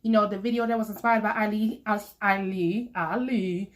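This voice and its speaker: A woman's voice: mid-range voice, fairly even intonation, moderate pace. A young woman chatting playfully to her viewers while eating, laughing often as she talks. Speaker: mukbang vlogger. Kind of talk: casual chat while eating.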